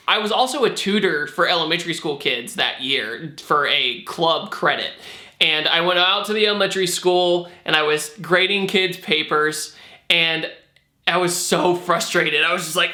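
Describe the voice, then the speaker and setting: Bright, animated young man telling a story. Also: a little high, moderate pace. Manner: animated, acts out quotes. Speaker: vlogger. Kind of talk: storytime vlog. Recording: echoey room.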